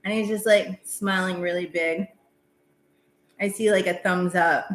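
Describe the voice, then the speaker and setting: A woman's voice: fairly low pitch, fairly even intonation, measured pace, a bit bright. Woman doing a live tarot stream at home, rambly and chatty, lots of likes, echoey room. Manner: chatty, rambling, many fillers. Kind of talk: casual live-stream reading.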